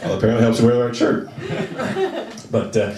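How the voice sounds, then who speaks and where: A man performing a stand-up comedy set on a club stage, talking to the audience and jumping into high voices for the people he quotes. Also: fairly even intonation, fast talker, a crowd in the background. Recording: roomy live club sound from a distance. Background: audience laughing.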